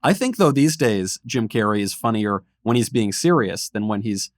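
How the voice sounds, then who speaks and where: A man's voice: lowish voice, expressive, dry recording. Dry-voiced man bantering as co-host. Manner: quick, teasing banter. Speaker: podcast co-host. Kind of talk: casual chat, interviewing.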